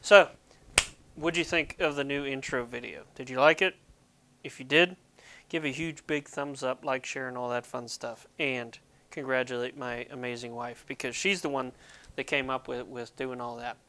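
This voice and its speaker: Speaking at a moderate pace with a steady, medium-pitched voice, this Pennsylvania ministry host sounds bright and forceful. His devotional talk to viewers is loose, rambling and full of self-deprecating humor.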